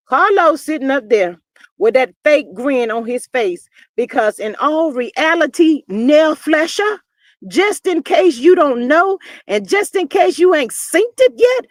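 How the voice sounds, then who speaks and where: High-voiced sassy woman dishing gossip. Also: a little slow, dry recording, clean studio sound. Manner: animated, sassy, full of exclamations. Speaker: host of a live-stream talk show. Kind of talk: casual gossip commentary.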